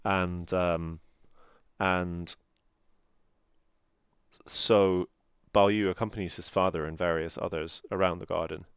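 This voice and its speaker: Very deep-voiced man explaining a novel. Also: fairly even intonation, slow pace, long pauses, clear, resonant tone, no echo, studio quality. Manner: explanatory, careful, pronounces Chinese terms. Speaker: podcast co-host. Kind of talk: casual book discussion.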